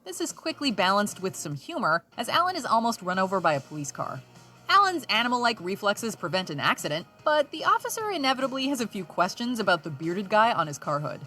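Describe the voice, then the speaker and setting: Woman narrating a top-ten list, bright sharp voice, bouncy delivery, soft music under it. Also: mid-range voice, big pitch swings, brisk. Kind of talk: scripted narration.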